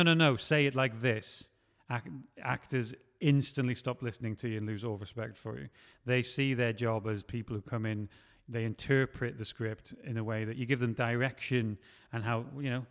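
Man, scriptwriter, casual rambling chat, reverberant room. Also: mid-range voice. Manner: rambling, with many restarts. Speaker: scriptwriter and podcast host.

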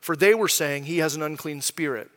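A man's voice: a little high, brisk, fairly bright tone, long reverb tail. A man preaching a sermon as pastor, conversational and explaining with frequent rhetorical questions.

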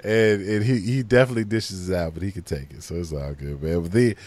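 A man co-hosting a casual podcast chat, emphatic and quick to repeat himself. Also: low voice, dry recording. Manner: lively, emphatic, repeats words.

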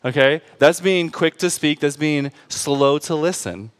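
Higher-voiced pastor, chatty and joking. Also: male voice, a little slow, clear, resonant tone. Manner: keeps asking the congregation "right?" and "okay?"; informal and joking, with asides to the congregation. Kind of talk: conversational sermon.

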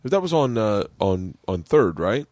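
A man's voice: lowish voice, unhurried, no echo. A man hosting a podcast, telling rambling stories in casual chat and laughing often. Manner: rambling, excitable storyteller who laughs a lot. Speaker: podcast host.

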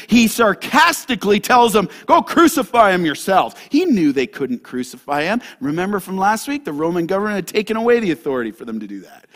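A man pastor preaching a sermon to a congregation, animated and direct, moving between loud emphasis and hushed asides. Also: high-pitched. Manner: animated, talks straight to the congregation.

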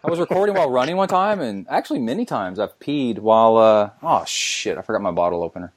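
A man's voice: mid-range voice, very animated, fast. A man, a podcast host, chatting casually and joking, wandering as he talks. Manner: joking, rambling, moves around while talking. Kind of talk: casual chat.

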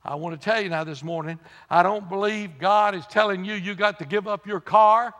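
Older pastor, high-pitched, folksy, emphatic; church hall reverb. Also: male voice, fairly even intonation, normal speed, a bit bright. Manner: folksy preaching with rising emphatic repetition. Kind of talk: sermon.

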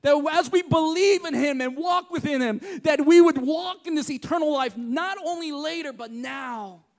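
High-voiced man preaching with passion. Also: moderate pace, creaky. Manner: passionate, emphatic preaching with repetition. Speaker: pastor. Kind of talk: sermon. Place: church.

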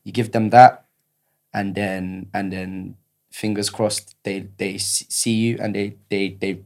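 A man with a fairly low voice gives casual advice as a podcast guest. He talks in slang and circles back, repeating words as he finds his way. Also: little pitch movement, takes it slowly, darkish tone. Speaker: actor guest.

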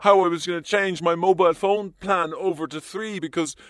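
A comedian playing a panicked survivor who begs to be let in, then rambles aimlessly. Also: male voice, high-pitched, fairly even intonation, brisk, fairly bright tone, no echo, studio quality. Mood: rambling. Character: panicked survivor begging at a bunker door, then rambling dully.

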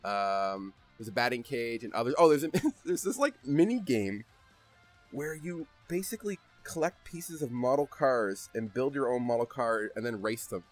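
A man hosting a podcast in casual chat, animated and rambling, and laughing as he tells stories. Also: mid-range voice, moderate pace, soft background music. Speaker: podcast host.

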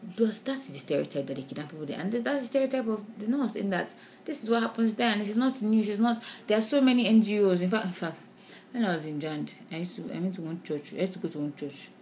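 Animated Nigerian woman podcaster. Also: mid-range voice, quick pace, a little hiss or hum. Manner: animated, with frequent restarts and "do you understand?". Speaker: podcast co-host. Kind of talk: casual discussion.

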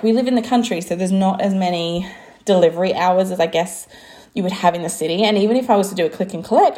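A woman with a warm, lowish voice talks casually to camera in a monologue, chatty and swearing freely, peppering her speech with "like" and laughter. She works as a business coach and designer.

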